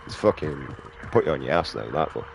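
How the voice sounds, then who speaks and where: A man's voice: rumbling low, expressive, a little fast, creaky, background noise. A man rambling and swearing casually while playing a video game. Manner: rambling, profane, drawling. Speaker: gaming streamer.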